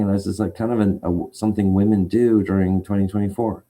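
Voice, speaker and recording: Man, agitated rambling storyteller; very dark, low-set voice. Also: fairly even intonation, fast talker. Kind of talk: casual rant.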